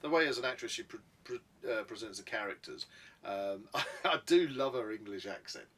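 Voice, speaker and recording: A man co-hosting a casual movie review, rambling and halting as he talks. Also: on the low side, expressive, pushed and bright. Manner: rambling, halting, laughing easily. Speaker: co-host. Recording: distant mic.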